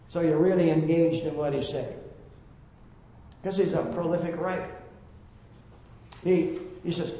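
A man's voice: on the high side, moderate pace, long pauses, warm tone. A man preaching a Bible-teaching sermon, earnest and emphatic, with occasional stammered restarts. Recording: roomy, dull lo-fi sound.

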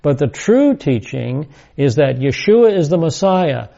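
A man teaching a Bible study lecture, speaking deliberately and emphatically, repeating key words. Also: fairly high pitch, big pitch swings, vocal fry, dark tone, muffled recording.

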